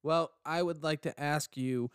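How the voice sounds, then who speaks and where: A man's voice: a little high, steady tone, unhurried, clean tone, no echo, clean studio sound. Joking man co-hosting a podcast. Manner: joking, rambling, playful. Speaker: podcast co-host. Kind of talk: casual podcast chat.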